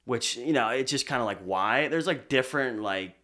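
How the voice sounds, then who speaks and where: A young man from Pennsylvania, a DJ guest on a podcast, telling stories in relaxed casual chat, full of fillers. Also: mid-range voice, moderate pace. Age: young adult. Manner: relaxed storyteller, many fillers like "like". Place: podcast studio.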